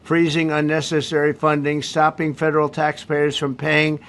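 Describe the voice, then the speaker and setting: A male politician speaks at a press conference in a slightly raised, flat, unvaried voice. He reads off his points one after another in a declarative manner. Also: a little high, normal speed. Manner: declarative, lists items one by one.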